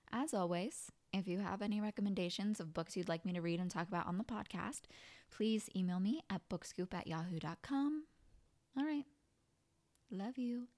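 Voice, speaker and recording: A young woman hosting a podcast, reviewing a book in a chatty, animated way full of exasperated asides. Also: mid-range voice, no room sound. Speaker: podcast host. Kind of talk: casual book review monologue.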